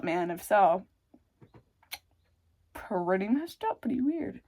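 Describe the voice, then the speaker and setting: Young woman with vocal fry, rambling frankly. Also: mid-range voice, expressive, slow pace, long pauses. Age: young adult. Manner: rambling and frank, swears often, self-interrupting; wry dark humor. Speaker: storyteller. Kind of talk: casual personal storytelling.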